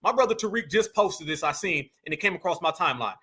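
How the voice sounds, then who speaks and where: A man hosting a live stream, reacting to a clip with loud, mocking, dismissive commentary and lots of repetition. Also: a little high, expressive, fast, slightly rough. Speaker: livestream host.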